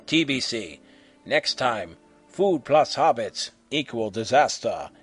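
A man reading a humorous story aloud in an animated way, slipping into silly character voices. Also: medium pitch, takes it slowly, breathy edge, faint music behind. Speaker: fan fiction reader.

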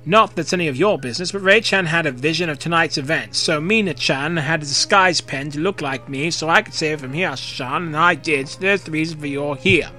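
A man voicing a heartbroken, sarcastic teenage girl who talks fast and bitterly. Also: fairly high pitch, pushed and bright, faint music behind. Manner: sarcastic, quick, rising to anger.

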